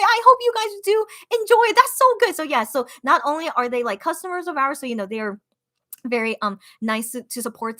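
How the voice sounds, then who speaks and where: A young woman runs a casual, radio-style livestream, reading viewer comments aloud. She's chatty and upbeat, with lots of fillers and sudden high, excited bursts.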